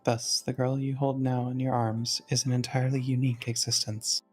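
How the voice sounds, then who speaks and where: Leith, a calm and composed dream-world guide, read aloud by a friend. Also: medium pitch, husky, soft background music, lightly acted. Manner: calm, measured, slightly formal. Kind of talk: reading a visual novel aloud.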